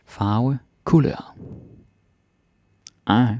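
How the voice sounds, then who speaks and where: A Danish-speaking man teaching his language in a relaxed, chatty way, repeating phrases slowly and explaining them. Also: on the low side, vocal fry, no room sound. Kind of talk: casual language lesson.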